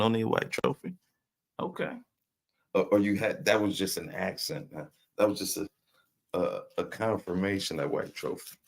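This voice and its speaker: A man's voice: low voice, vocal fry, a bit bright. A man hosting a casual live stream, teasing his chat with loose slang and frequent laughs. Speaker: livestream host reading chat.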